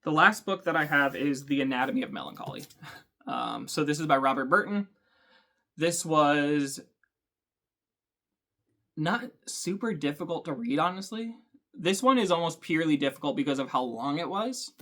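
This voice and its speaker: A man hosting a book channel, talking thoughtfully to camera with frequent ums and pauses. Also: fairly high pitch, lively intonation, pushed and bright. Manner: thoughtful, hesitant, many ums. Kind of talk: casual talk to camera.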